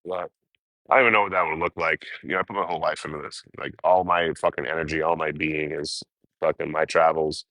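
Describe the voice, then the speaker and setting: A man's voice: extremely low pitch, fairly even intonation, fast, sharp tone, dry recording. A man chatting casually with his livestream viewers, rambling and swearing as he talks about life on the road. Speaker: livestreaming traveler.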